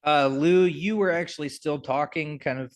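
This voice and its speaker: A young man narrating as game master of a tabletop game, explaining in a halting way with many fillers. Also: on the high side.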